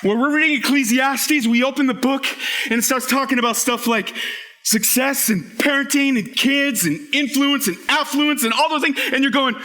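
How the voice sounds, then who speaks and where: Animated, high-voiced preacher man. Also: moderate pace. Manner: animated, emphatic, shouts for emphasis, jokes with the audience. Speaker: pastor. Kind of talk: energetic sermon. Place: church hall with a live congregation.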